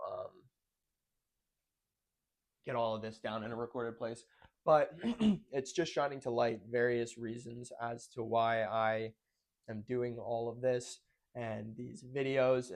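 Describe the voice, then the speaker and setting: A man's voice: mid-range voice, fairly even intonation, unhurried. Rambling young man vlogging. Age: young adult. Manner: rambling, self-correcting. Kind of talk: casual monologue check-in.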